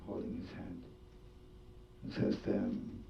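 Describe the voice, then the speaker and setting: A man telling a story as a sermon, full of Yiddish words and laughter. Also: takes it slowly. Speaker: rabbi and storyteller. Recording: distant dull lo-fi recording with faint rumble.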